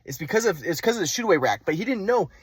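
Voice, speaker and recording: Racing through a tale from his younger days, this man speaks in a high voice with big swings in pitch. He repeats and restarts often while demonstrating moves in a rambling, casual monologue. There's no room sound, though background noise is clearly audible.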